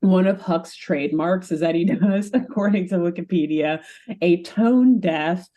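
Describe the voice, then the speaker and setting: A woman's voice: on the low side, steady tone, normal speed, dark tone. A young adult woman co-hosting a podcast in casual chat, talking chattily with lots of fillers and frequent laughs. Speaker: podcast co-host.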